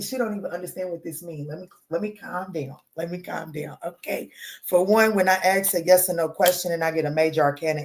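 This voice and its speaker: A woman giving a live tarot reading, talking straight to her viewers in an animated, emphatic way, using pet names and casual swearing. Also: low-pitched. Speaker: tarot reader answering live chat.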